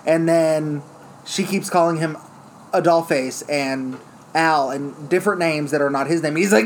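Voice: mid-range voice, a little slow, a little hiss or hum. A speaker in casual chat retelling a story step by step, now and then acting out quoted lines.

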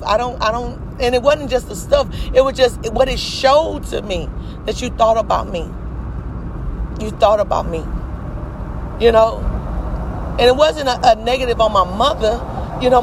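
A young man in his twenties with a high-pitched voice talks straight to camera from inside a car. He tells his story in an emphatic, preachy way, heavy on the profanity. Faint background noise runs underneath. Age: 20s. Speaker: vlogger. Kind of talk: casual testimony monologue.

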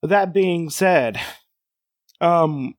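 Man, host, chatty gamebook narration, slightly high voice, dry close mic. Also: drawn-out words, no echo. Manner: chatty, laughs between narration lines. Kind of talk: reading a choose-your-own-adventure aloud, casual chat.

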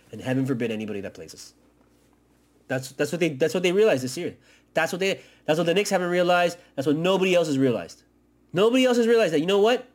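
A man hosting a fan podcast, ranting with heavy swearing and swinging from loud outbursts to low mutters. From Miami area. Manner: profane, excitable, swings between shouting and muttering. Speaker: podcast host. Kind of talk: fan commentary rant.

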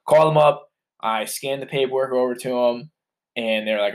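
A man's voice: mid-range voice, fairly even intonation, moderate pace. Joking man co-hosting a casual podcast. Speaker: podcast co-host. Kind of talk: casual chat.

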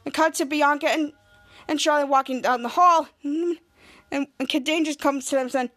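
Woman podcaster recapping a show, high voice, lots of "and he, and he" restarts. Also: normal speed, a bit bright. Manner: rambling retelling with restarts, voices quotes. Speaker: podcast host. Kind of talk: casual episode recap.

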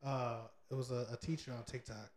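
A man's voice: mid-range voice, steady tone, brisk, a little mellow. A man co-hosting a casual chat, laid-back and easily amused as he tells stories. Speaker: podcast co-host. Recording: echoey room with faint noise.

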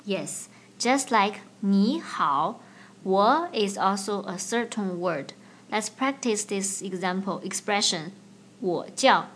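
A woman hosting a language-learning podcast, teaching in a clear, slow, playful way. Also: medium pitch, lively intonation, a bit bright. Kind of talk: scripted language lesson.

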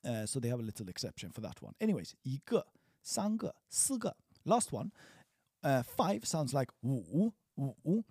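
Husky-voiced man teaching in a dry room. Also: mid-range voice, big pitch swings, darkish tone, no echo. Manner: chatty, repeats words slowly for learners. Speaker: Chinese language teacher. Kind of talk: casual spoken lesson.

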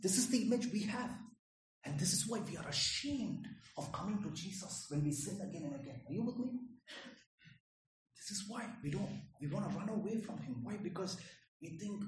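A man's voice: high-pitched, lively intonation, moderate pace, darkish tone, roomy sound, slight background noise, poor audio. A man preaching a sermon in an earnest way, often asking the audience questions and repeating his words.

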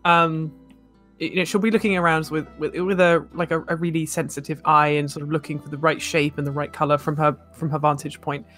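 A woman's voice: sits low, flat delivery, fairly quick, fairly bright tone, faint music behind. A woman playing a tabletop game, rambling and giggly, describing her character. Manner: giggly, rambling, often laughing. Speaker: player.

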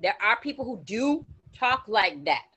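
A podcast co-host who grew up partly in Florida talks in a fairly high, husky voice with a sharp tone, at normal speed. Very animated, she rambles through casual chat and keeps restarting her sentences.

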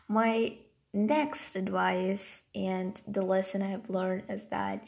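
A woman talks to her viewers in a loose, rambling vlog, with "like" filling every gap. Her voice has a gravelly, fry-heavy edge. Her pitch sits right in the middle for a woman. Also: flat delivery, slow pace. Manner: rambling, heavy use of "like" fillers; passionate, then softer and quieter. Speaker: vlogger. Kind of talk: casual talk to camera.

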